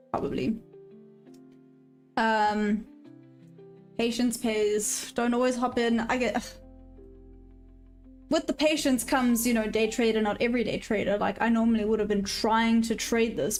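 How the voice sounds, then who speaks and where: A South African woman hosts a day-trading livestream, chatting casually, reading viewer comments aloud, and laughing often. Her voice is a little high with a darkish tone.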